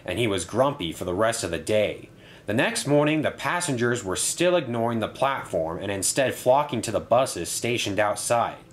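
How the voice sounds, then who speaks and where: Male storybook narrator, animated and expressive. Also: fairly low pitch, normal speed.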